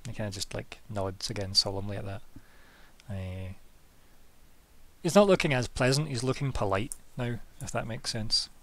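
A man's voice: fairly low pitch, lively intonation, moderate pace, a bit bright. A man acting as game master, describing scenes and explaining his character's behavior in a casual way. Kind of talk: narrating a tabletop game.

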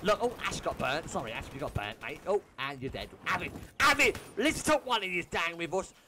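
Ranting young gaming commentator, swearing. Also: male voice, on the high side, lively intonation, a little fast, a little hiss or hum. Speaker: gaming YouTuber. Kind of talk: profane gameplay commentary rant. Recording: game gunfire loud behind voice. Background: game gunfire and shots.

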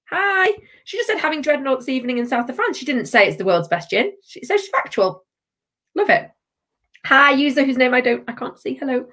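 A woman's voice: medium pitch, a bit bright. Chatty woman hosting a live tasting. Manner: chatty, bubbly, reads out viewer comments. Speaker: livestream host.

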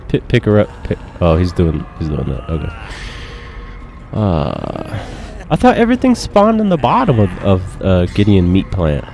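Male gaming commentator, unhurried, low voice, excitable and crude, swoops up into yelps. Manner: excitable, profane and joking, with sudden yelps and laughs. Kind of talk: casual gameplay commentary.

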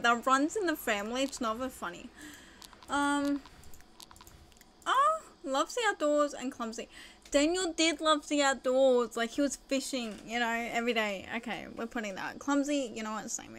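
A woman casually narrating her own life-sim game, gushing and excitable with frequent gasps and squeals. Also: on the high side, normal speed, slight background noise. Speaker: gaming video host. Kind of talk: casual let's-play commentary.

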